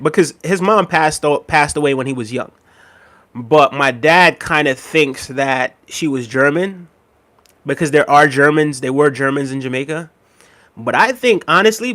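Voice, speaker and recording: Laid-back man chatting on a livestream. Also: mid-range voice. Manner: relaxed, rambling, laughs often. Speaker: livestream host. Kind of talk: casual chat reading viewer comments.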